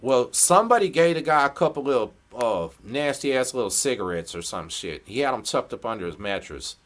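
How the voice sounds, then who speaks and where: Man, middle-aged, podcast host; casual, profane, animated storyteller, mid-pitched. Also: brisk. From Texas. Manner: animated, profane prison storytelling with acted quotes.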